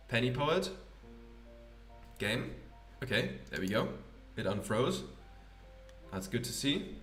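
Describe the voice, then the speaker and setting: A man talks through his playthrough of a game in a casual, offhand way, with some hesitant asides. His voice sits at an ordinary pitch for a man. The recording is roomy and he sounds a bit far from the mic. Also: very animated, slow pace, pauses often, a bit bright, faint music behind. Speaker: let's play host. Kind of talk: casual gameplay commentary.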